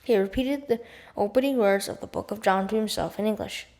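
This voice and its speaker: A woman reading a chapter book aloud at a careful, steady pace, now and then going back over a word. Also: mid-range voice, brisk. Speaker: audiobook reader. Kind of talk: read-aloud storybook narration.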